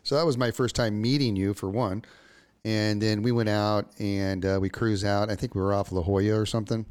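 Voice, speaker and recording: A man hosting a podcast, chatting casually and relaxed with frequent hesitations. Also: on the low side, a little fast, clear, resonant tone, dry recording, studio quality. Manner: relaxed, hesitant, many ums. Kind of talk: casual conversation.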